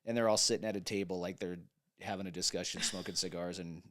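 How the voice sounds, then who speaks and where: A man with a fairly low voice chats casually as a podcast co-host. He rambles in a jokey way, often trailing off mid-thought and starting over. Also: steady tone, fast, fairly bright tone. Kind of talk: casual chat.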